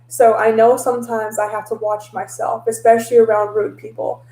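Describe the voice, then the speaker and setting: A woman telling stories in a casual vlog, animated and laughing often, slipping into voices for her own past lines. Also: on the high side, normal speed, echoey room, poor audio. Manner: laughs often, mixes in mild cursing. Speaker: tarot reader and vlogger.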